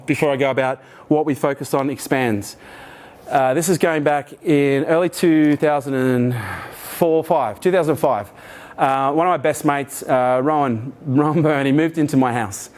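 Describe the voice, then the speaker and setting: A man's voice: fairly high pitch, moderate pace. A middle-aged Australian man giving a keynote talk to an audience, telling a story with energy and frequent swearing. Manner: energetic, swears freely, animated retelling. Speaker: keynote speaker. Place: in front of a live audience.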